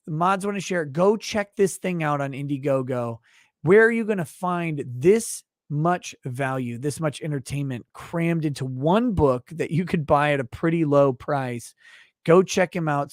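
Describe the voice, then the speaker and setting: A man's voice: fairly high pitch, no echo, clean studio sound. A middle-aged man hosting a casual late-night livestream, reading viewer messages aloud with loose, profane joking.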